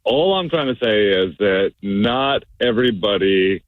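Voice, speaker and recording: A man's voice: fairly low pitch, expressive, measured pace, no echo. Stammering male caller on a phone line. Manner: hesitant, stammering, trailing off. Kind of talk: call-in radio talk.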